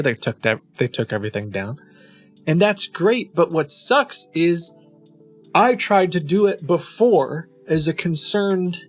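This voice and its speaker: A man in his thirties hosting a show, telling a story in a casual, exasperated, rambling way. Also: on the high side. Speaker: streamer and host of a scam-baiting show. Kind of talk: casual chat.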